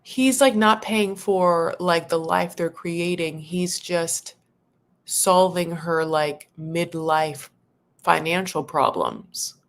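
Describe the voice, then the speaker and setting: A woman's voice: lowish voice, slow pace. A woman giving casual, opinionated commentary on a reality show, talking loosely and swearing now and then.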